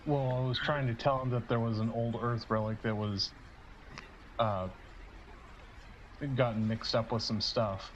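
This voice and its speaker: A man's voice: medium pitch, steady tone, measured pace, long pauses, a little hiss or hum. A man playing a tabletop game over an online call, describing his character's moves hesitantly with many fillers. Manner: hesitant, full of uh and like. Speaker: player. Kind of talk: casual tabletop play. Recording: dull lo-fi voice chat.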